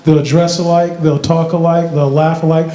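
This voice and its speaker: A man giving a motivational speech to a school assembly, animated and playful, quizzing the crowd. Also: on the high side, normal speed. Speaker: motivational youth speaker. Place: large school hall with student audience. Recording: echoey hall with background noise.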